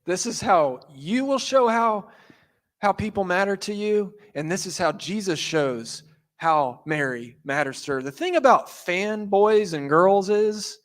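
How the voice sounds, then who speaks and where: Preacher guy, high voice, super animated storytelling. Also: unhurried. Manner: animated storytelling, acting out quotes. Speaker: pastor. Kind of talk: sermon.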